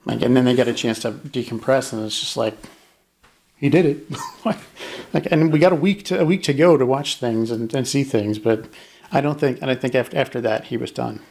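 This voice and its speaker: A man co-hosting a casual true-crime discussion, animated and acting out jurors in quick mock voices. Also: mid-range voice, gravelly. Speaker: podcast co-host.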